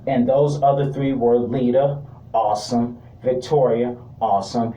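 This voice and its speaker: A man's voice: medium pitch, steady tone, a little slow, warm tone, lo-fi sound. A man giving a casual wrestling review, rambling with joking asides. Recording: roomy sound, distant mic.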